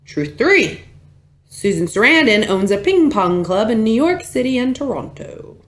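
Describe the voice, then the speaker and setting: Giggly woman cohost, higher voice that bounces around a lot. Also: sing-song, unhurried, a bit bright. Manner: teasing, giggly. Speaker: podcast co-host. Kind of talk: casual chat.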